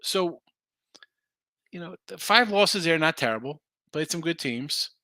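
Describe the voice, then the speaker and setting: A man hosts a sports betting podcast a little slowly, his fairly high voice sharp in tone with lively intonation. He rambles casually through his picks and answers chat comments, recorded dry in a clean studio.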